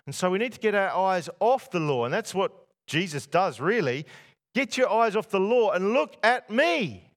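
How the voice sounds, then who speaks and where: Before a masked church congregation, a man preaches at a moderate pace, his voice sitting high and sing-song. He asks his listeners rhetorical questions.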